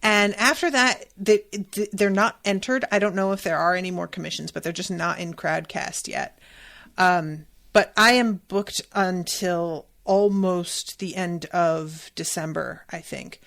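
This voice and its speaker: A woman in her thirties hosting a solo podcast, recapping a TV episode in chatty, animated storytelling with some swearing. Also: on the low side, creaky. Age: 30s. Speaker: podcast host.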